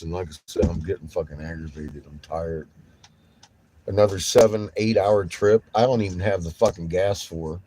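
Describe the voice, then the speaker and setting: A tired man vlogs while driving, swearing and grumbling through a casual monologue from inside his vehicle. His voice is low-pitched, warm and steady at a moderate pace, though the audio is poor.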